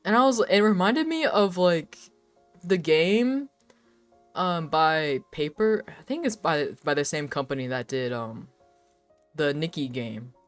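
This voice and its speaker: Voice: medium pitch, expressive, a little slow, faint music behind. A young adult live streamer chatting casually while drawing, rambling with lots of filler words, frequent laughs and swearing.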